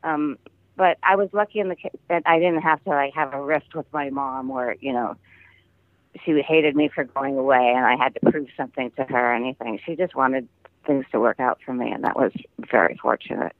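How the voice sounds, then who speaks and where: Speaking at medium pitch in a steady, brisk tone, an older Midwestern actor chats as a guest in a casual phone interview. He tells stories and laughs frequently. The tinny phone audio is dry, with no room sound.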